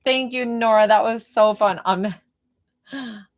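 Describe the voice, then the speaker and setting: A woman medium gives a live-streamed spiritual reading in a fairly high voice, speaking slowly. She's chatty and informal and easily drifts off onto side matters.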